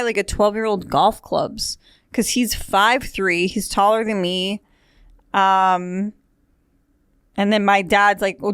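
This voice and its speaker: A woman's voice: mid-range voice, smooth, no room sound. A woman hosting a podcast, talking casually in a rambling, chatty way with wry asides, recorded in a studio. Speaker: podcast host. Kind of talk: casual chat.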